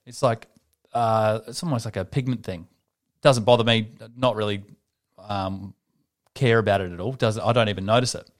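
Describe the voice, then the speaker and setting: A man's voice: on the low side, fairly even intonation, moderate pace. A man, a podcast host telling a long rambling story in casual chat, swearing freely.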